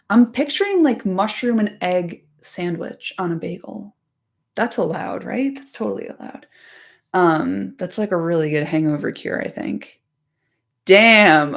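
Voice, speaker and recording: Woman host, casual stream chat, slightly low, giggly, filler-heavy. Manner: chatty, laughs often, says "like" constantly, swears casually. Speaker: podcast host.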